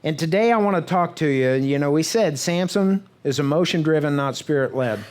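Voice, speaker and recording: A man's voice: a little high, lively intonation, darkish tone. A man preaching a church sermon in a conversational storytelling way, often checking in with the congregation and briefly acting out what the characters say. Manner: conversational storytelling with frequent "right?" asides; acts out the characters' words in quick bursts. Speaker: pastor. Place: church sanctuary.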